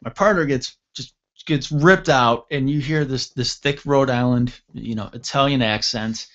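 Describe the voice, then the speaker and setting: A man from upstate New York telling a long story on a talk show, rambling and correcting himself, and lively when he acts out the dialogue. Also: mid-range voice, unhurried, muffled recording. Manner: rambling with frequent self-corrections; animated when acting out dialogue. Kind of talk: casual anecdote telling.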